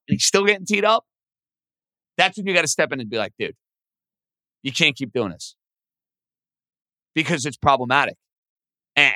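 A man's voice: medium pitch, pushed and bright, dry recording. A man hosting a sports talk podcast, giving opinions in an emphatic, conversational way.

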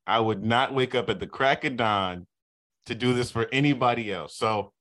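A man in his thirties from Southern California, a sports TV reporter chatting as a podcast guest, telling stories in a relaxed, easygoing way. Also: mid-range voice, normal speed. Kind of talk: casual podcast chat.

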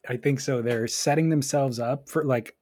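A man's voice: mid-range voice, a little mellow. Man, middle voice, no room echo, casual podcast banter, wry and doubtful. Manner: dry, skeptical, quick to agree and laugh. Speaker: podcast co-host. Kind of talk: casual chat.

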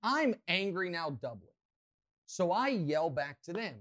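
A man hosting a podcast, telling a rambling, self-mocking story with lots of excitement. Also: sits high, a little slow. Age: adult, past college. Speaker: podcast host. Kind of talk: animated storytelling.

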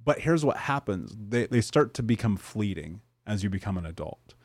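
A man from Indianapolis hosts a relaxed interview with energy, his voice pitched fairly low and recorded dry and close. He winds into long questions and tags them with a quick "right?" to keep the other man talking. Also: breathy edge, no room sound. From Indianapolis, USA. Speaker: podcast host. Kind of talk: casual interview chat.

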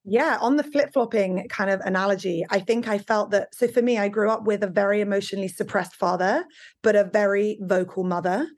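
A woman hosting a podcast, telling a personal story in chatty, high-energy conversation. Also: fairly even intonation, fairly quick. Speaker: podcast host. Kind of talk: casual podcast chat.

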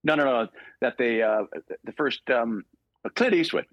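A man's voice: medium pitch, a little slow, no echo, dull audio. An older man from Ontario, Canada, a voice actor telling stories as a guest in an interview, acting out dialogue and laughing often. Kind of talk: podcast interview storytelling.

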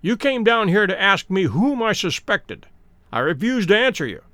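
A man voicing a calm, commanding detective who speaks in a precise, measured way. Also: high voice, no room sound, pitched above the performer's own voice, exaggerated voice. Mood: stern.

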